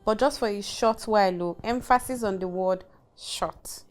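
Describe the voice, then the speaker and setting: A woman's voice: mid-range voice, measured pace, close to an everyday voice. A woman playing a shy Nigerian groundnut seller. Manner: shy and coy. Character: poor young groundnut seller, modest and sweet. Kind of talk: Nollywood film acting.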